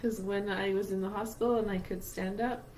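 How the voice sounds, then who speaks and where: Here a woman's steady, medium-pitched voice moves briskly with a slightly mellow quality. She co-hosts a podcast and tells a heartfelt, faith-informed story about grief, earnest and emotional and sometimes tearful, over a low-quality recording with slight background noise.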